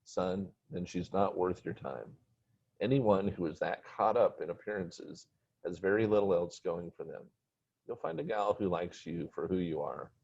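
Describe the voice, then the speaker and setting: A man's voice: sits low, moderate pace, creaky, darkish tone, slightly rough, exaggerated voice. Man reading as a patient, preachy father. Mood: calm. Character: calm, lecturing wealthy father. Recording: dull lo-fi recording.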